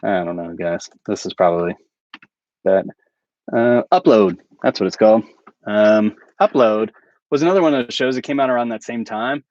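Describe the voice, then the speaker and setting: A man's voice: fairly low pitch, moderate pace, a little mellow, highs cut off. A man hosting a casual livestream and chatting with viewers. He rambles and chuckles at his own jokes. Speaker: channel host.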